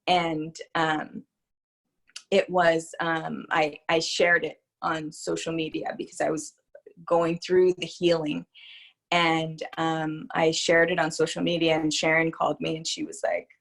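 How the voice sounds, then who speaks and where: A woman speaking as an interview guest and spiritual psychologist, talking candidly in a reflective, hesitant way with many pauses. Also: sits low, level tone, creaky.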